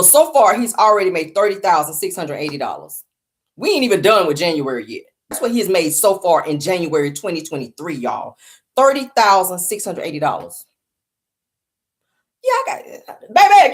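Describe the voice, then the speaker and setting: A middle-aged woman hosting her own livestream show, talking loudly and playfully in slang, laughing often and repeating herself for effect. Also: mid-range voice. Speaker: show host. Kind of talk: animated solo livestream commentary.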